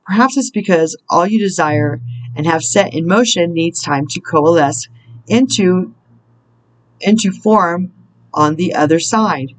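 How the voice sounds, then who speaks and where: A woman's voice: fairly low pitch, rough recording. A woman in her fifties, a spiritual counselor reading an inspirational message aloud in an earnest way, stopping now and then to correct herself and exclaim. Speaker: spiritual counselor and card reader.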